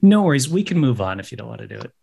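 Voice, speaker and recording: Joking American podcast host. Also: male voice, medium pitch, sing-song, racing, creaky, dark tone, husky. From United States. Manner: joking, playful banter. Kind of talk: casual podcast chat.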